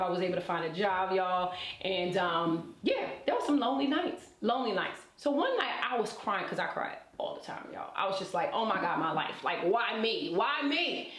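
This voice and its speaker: A woman in her thirties, an interview guest and relationship coach, telling her life story in a lively, colloquial way and talking straight to her listeners. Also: medium pitch. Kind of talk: personal storytelling in conversation. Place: indoor event space. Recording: roomy echo.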